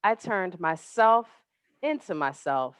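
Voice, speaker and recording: A woman's voice: fairly low pitch, expressive, slow, fairly bright tone, smooth. A woman reciting poetry as a proud, boastful Buddha who is a beautiful woman. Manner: grand, boastful declamation. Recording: dry, dull lo-fi webinar audio.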